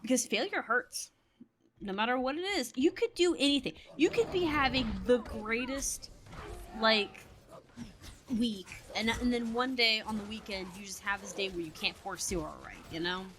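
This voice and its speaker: A woman's voice: on the high side, moderate pace, fairly bright tone, slight background noise. A woman chatting casually while playing a game, telling stories in a rambling way and laughing often. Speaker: gamer. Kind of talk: casual gameplay commentary.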